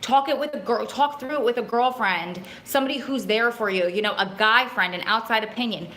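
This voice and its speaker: A young adult woman hosts a casual livestream for prison families, reading viewer comments and emotionally gushing her thanks. Her fairly high, slightly bright voice moves a little fast over a phone mic, with slight background noise.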